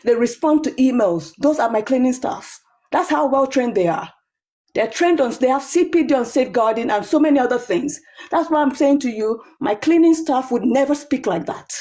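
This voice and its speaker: A woman's voice: high voice, dark tone. A woman hosting a live stream, giving heated, emphatic commentary mixed with Yoruba. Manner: indignant, emphatic, apologetic to viewers.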